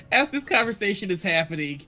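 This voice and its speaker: A man narrating as game master of a tabletop role-playing game, animated and often laughing. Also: sits high, moderate pace.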